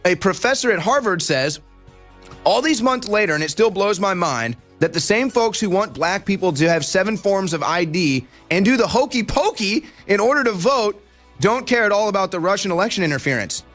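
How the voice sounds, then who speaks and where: Male talk host, sarcastic and emphatic, high voice that swings widely. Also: expressive, moderate pace, a bit bright, soft background music. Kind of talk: political talk show commentary.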